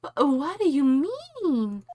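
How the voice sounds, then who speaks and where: A man voicing an excitable little girl from a courtroom game, shrill, wide-eyed and scolding. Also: takes it slowly, a little hiss or hum, heavily acted. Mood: shocked. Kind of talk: reading game dialogue aloud.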